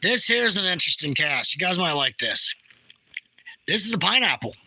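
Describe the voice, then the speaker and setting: Bright, dry-voiced blunt man. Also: high voice, normal speed, slightly rough, no echo, rough recording. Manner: animated, jokey, blunt. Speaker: bigfoot researcher. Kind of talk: casual chat showing field photos.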